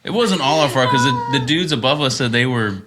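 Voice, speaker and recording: A man's voice: medium pitch, a little fast, heavy background noise. A young adult man chatting casually, laid-back, chiming in on a shared story. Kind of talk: casual chat.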